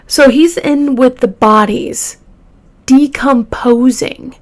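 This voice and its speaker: A woman's voice: a little high, slow pace. A young woman hosting a true crime show, telling a case in a chatty, emotional way and talking straight to her listeners. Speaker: true crime podcast host. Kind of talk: casual true crime storytelling.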